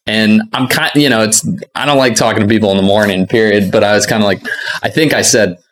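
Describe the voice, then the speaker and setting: Guy hosting a podcast, lowish voice, tells stories lively with lots of laughs. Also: fast. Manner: animated anecdotes with laughs and acted quotes. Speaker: podcast host. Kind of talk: casual storytelling.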